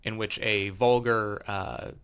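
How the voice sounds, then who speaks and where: A man's voice: on the low side, steady tone, takes it slowly, a bit bright, smooth. A man co-hosting a gaming podcast, telling a rambling story in casual chat, correcting himself as he goes. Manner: rambling storyteller, self-correcting, laughs at own jokes. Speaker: podcast co-host.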